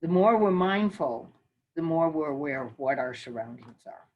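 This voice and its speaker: An older woman teaching mindfulness, calmly talking and counting breaths slowly through a guided meditation. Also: low-pitched, lo-fi sound. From northern United States.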